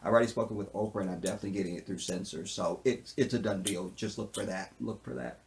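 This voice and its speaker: A man giving a casual, joking recap of a TV episode. He is animated and keeps asking "see what I'm saying". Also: on the low side, quick pace, creaky. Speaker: TV show reviewer.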